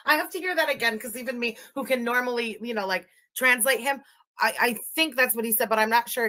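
A woman's voice: a little high, fast talker, sharp tone. A woman doing profane, mocking reaction commentary, ranting at the clips she plays. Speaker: commentary streamer.

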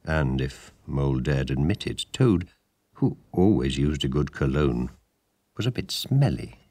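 A man narrating a storybook audiobook in a measured, lively storytelling manner. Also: a bass voice, breathy edge, no room sound.

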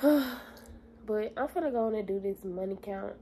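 A woman's voice: mid-range voice, moderate pace, warm tone, a little hiss or hum, poor audio. A young woman vlogging in a casual, blunt and profane way, talking straight to her viewers. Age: young adult. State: stressed, near tears. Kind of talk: casual vlog chat.

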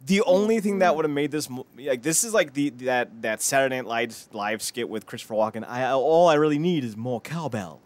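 A man co-hosting a podcast in casual chat, animated and prone to acting out quotes loudly. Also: medium pitch, brisk, few pauses, no echo. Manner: animated, acts out quotes with loud outbursts. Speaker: podcast co-host.

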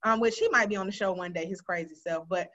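A woman's voice: mid-range voice, fast, a bit bright, highs cut off. A woman hosting a casual group chat, candid and laughing often as she repeats herself. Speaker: podcast host.

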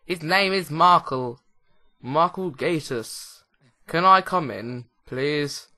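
A man's voice: on the high side, animated, slow, pushed and bright. A young man giving casual, rambling, jokey commentary while playing a video game. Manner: rambling, jokey, with many restarts. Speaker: let's play host.

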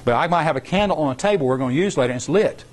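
A middle-aged science competition workshop instructor with a slightly high, expressive voice talks very fast. He explains rules to students in an informal, rambling way, repeating points for emphasis.

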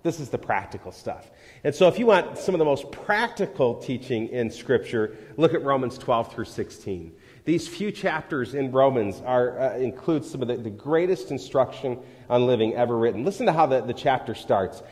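A man's voice: mid-range voice, lively intonation, normal speed, a little mellow. A man preaching a sermon in a church, talking in a conversational way and rising into dramatic scripture readings. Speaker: pastor. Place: church sanctuary. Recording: live sermon in a large reverberant hall.

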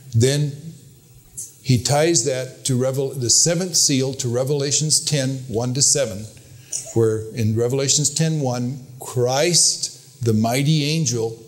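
An older man delivers a sermon at a middle pitch. He talks earnestly and with emphasis, and he tells stories along the way. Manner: storytelling, quoting with raised pitch, earnest and emphatic. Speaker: preacher.

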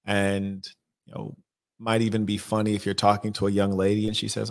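Deep-voiced blunt male life coach. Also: flat delivery, gravelly. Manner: blunt, measured advice-giving. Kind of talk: advice livestream answering questions.

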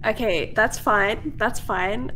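A woman on a voice call during a game, speaking a little high as she reasons through her vote. She sounds defensive and giggly. Faint noise sits under her voice. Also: slow pace, bright, forceful tone. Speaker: game player. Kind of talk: casual voice-chat banter.

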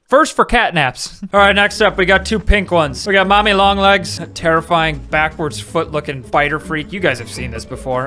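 A young man giving joking, excitable commentary over gameplay, breaking into loud squeals and laughs. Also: high voice. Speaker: gaming video host.

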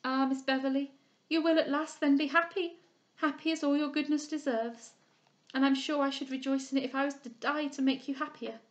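A woman's voice: high voice, fairly even intonation, a little fast, voice pushed up, lightly acted. Woman voicing a tearful young woman companion. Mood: wistful.

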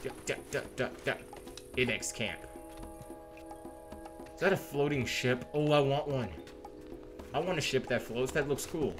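A man's voice: medium pitch, a little slow, long pauses. Chatty young man in gaming commentary. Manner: chatty and excitable, slangy, reads in-game text aloud. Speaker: gamer. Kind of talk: casual gameplay commentary. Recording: faint game music behind.

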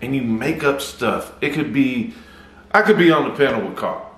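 A man's voice: mid-range voice, expressive, faint music behind. Taunting man in a roomy room. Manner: mocking, taunting, deliberate. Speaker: YouTuber. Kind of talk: call-out vlog.

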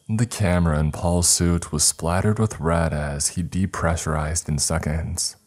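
A man reading the first-person account of a grieving older woman, a former space communications chief, in slow, somber scripted horror narration. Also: extremely low pitch, a little mellow, heavily acted. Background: faint music.

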